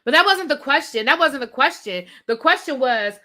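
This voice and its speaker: A woman with a DC accent talks through a live TV review, casual and full of sass. Her voice is bright and forceful, and she keeps breaking off to answer her live chat before diving back into the rant. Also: sits high, lively intonation, moderate pace. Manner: chatty, reads and answers live chat, sassy slang. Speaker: host.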